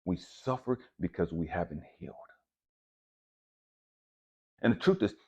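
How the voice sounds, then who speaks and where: Man, very deep voice, husky, lively swooping delivery, raw and profane testimony. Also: a little slow, dull audio. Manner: raw and profane, swinging from hushed to loud. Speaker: speaker sharing a personal testimony. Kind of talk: impassioned personal testimony.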